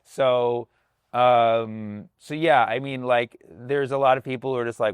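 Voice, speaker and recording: A man's voice: mid-range voice, steady tone, a little slow, smooth, no room sound. A man, a comedian, talking casually on a podcast, loose and profane, slipping into voices to act out other people. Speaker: comedian guest.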